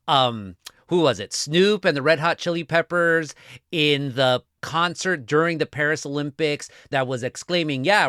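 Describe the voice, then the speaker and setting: A man from Southern California, a newspaper columnist, talking as a guest in a casual podcast conversation with a wry, animated, self-deprecating manner. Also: mid-range voice, no echo, clean studio sound.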